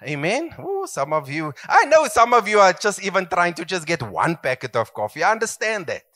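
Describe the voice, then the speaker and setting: A man's voice: high-pitched, big pitch swings, normal speed, sharp tone. A middle-aged man preaching a sermon as pastor, emphatic and swooping, calling for amens.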